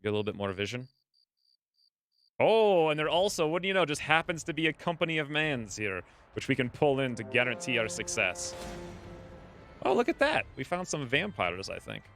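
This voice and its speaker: A man's voice: medium pitch, animated, fast, few pauses, pushed and bright, faint music behind. Chatty man playing a strategy game. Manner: casual, chatty, musing aloud. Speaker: gaming video creator. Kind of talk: let's play commentary.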